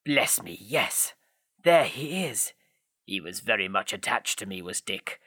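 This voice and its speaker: A man voicing an old male miser who talks low and clipped in a storybook reading. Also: big pitch swings, a little slow, sharp tone, breathy edge, dry recording, clean studio sound, exaggerated voice. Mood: wistful.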